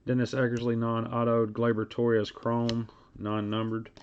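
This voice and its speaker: A man's voice: mid-range voice, completely flat delivery, a little slow, a little hiss or hum. A man hosting a live card break stream. He talks in casual, rambling asides and reads card names aloud as he goes. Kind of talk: casual live-stream chat while opening card packs. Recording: dull lo-fi stream audio.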